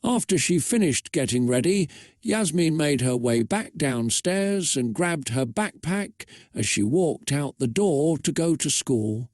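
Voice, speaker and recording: A man reading a fan-fiction story aloud for comedy, narrating in a steady, matter-of-fact way. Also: on the high side, measured pace, dry recording, studio quality.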